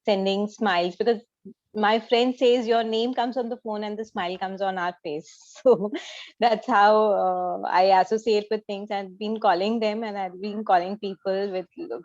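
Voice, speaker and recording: A woman speaks on a group video call. She talks hesitantly, with many pauses and fillers. Her audio is dry and a little dull. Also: mid-range voice, steady tone, a little mellow, dry recording.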